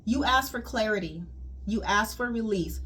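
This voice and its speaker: A woman's voice: medium pitch, expressive, moderate pace, pushed and bright, breathy edge. A woman colon hydrotherapist giving a casual spiritual wellness talk, emphatic and repetitive, calling listeners "queen.".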